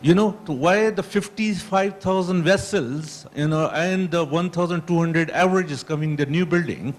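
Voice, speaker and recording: Brief: male audience member at a conference, slightly high voice, insistent and rhetorical, keeps apologizing while he presses the panel. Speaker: audience member asking a question. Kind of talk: question at a panel discussion. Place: conference hall.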